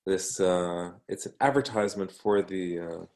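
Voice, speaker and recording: A man from Canada with a Canadian English accent, reading a book aloud slowly for English learners, with ums and self-corrections. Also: sits low, darkish tone, slight background noise. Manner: slow, unhurried, with frequent ums and self-corrections. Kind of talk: casual read-aloud lesson for English learners.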